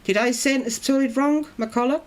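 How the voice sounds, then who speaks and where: Woman chatting on her coloring stream, reads out comments, easygoing mid-pitched voice. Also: expressive, unhurried. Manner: chatty, reads viewer comments aloud and muses. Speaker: coloring livestreamer. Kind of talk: casual chat while coloring. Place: at home in Brazil.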